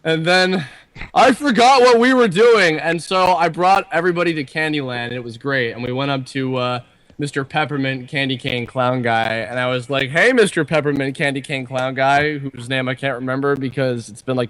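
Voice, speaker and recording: A man telling an improvised comedy story, halting and rambling as he goes. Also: medium pitch, a bit bright. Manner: rambling, halting with fillers and restarts.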